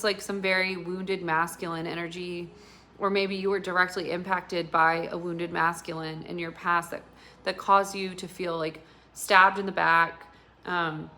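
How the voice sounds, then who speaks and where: A woman's voice: fairly low pitch, pushed and bright, slight background noise. A woman giving a casual intuitive tarot reading, talking in a rambling, earnest and emotional way with many fillers. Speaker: tarot reader.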